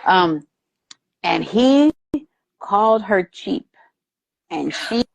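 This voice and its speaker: A woman hosting a casual live movie review chat, animated and quick to laugh, acting out lines from scenes as she retells them. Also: medium pitch, creaky, no echo. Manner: animated, quotes lines in put-on voices, lots of laughter. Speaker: host. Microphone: live video stream.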